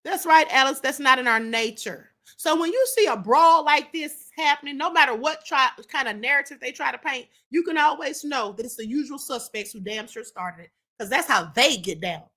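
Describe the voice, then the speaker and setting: A woman hosting her own live-stream commentary, blunt and emphatic. Her voice sits high and swings widely in pitch, with a bright, cutting edge. She repeats lines for effect and talks straight to her viewers. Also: animated, normal speed, hardly any pauses. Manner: addresses the chat directly. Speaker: livestream show host.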